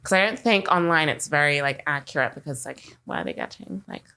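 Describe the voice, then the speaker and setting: Her voice is deep, clear and resonant with a sharp edge, and she speaks briskly. She's a young woman co-hosting a marketing podcast, rambling through casual conversation and using "like" all the time.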